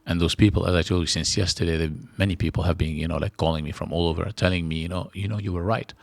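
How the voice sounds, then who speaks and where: A man from Syria, a guest in a studio interview, who talks haltingly with many restarts and fillers. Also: deep voice, level tone, gravelly, no room sound.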